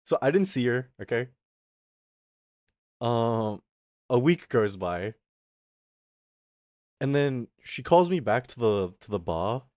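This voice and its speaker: A man's voice: medium pitch, slow, long pauses, no room sound, studio quality. A young man streamer telling a rambling, swear-filled story, acting out the other people in it. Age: young adult. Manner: swearing, animated retelling with quoted voices. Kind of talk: casual storytelling rant.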